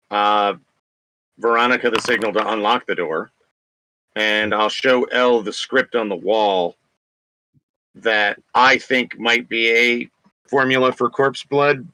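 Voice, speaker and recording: A man's voice: fairly low pitch, pushed and bright, low-quality recording. A man playing a tabletop game, stating his character's actions in a plain, matter-of-fact way. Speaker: player.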